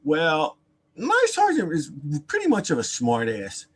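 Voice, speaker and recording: Man, slightly high, very lively pitch, casual rambling storyteller who acts out the other people in his story. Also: unhurried. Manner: animated and rambling, with repeated words, asides and laughter. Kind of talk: casual storytelling on a live stream.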